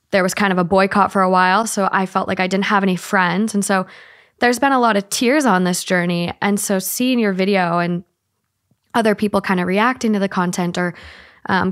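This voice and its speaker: A woman speaking as a guest on a podcast, earnest and openly emotional. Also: mid-range voice. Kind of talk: casual interview.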